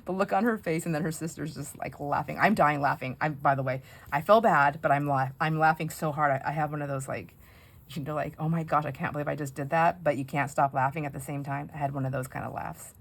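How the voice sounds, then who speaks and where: While working on a craft project, a middle-aged woman chats and meanders through amusing family anecdotes, laughing frequently and mimicking others. She speaks fairly quickly in a low voice with a steady tone.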